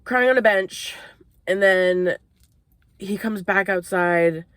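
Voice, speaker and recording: Between bites in a parked car, a young Maine vlogger relates a story casually, with swearing and laughter. She speaks slowly in a mid-range, fairly bright voice, and the recording is dry.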